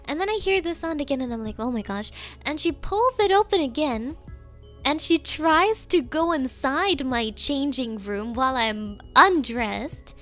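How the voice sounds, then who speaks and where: Giggly high-voiced young woman streamer. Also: lively intonation, measured pace, fairly bright tone, soft background music. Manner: giggly, rambling storytelling with fillers. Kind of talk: casual chat.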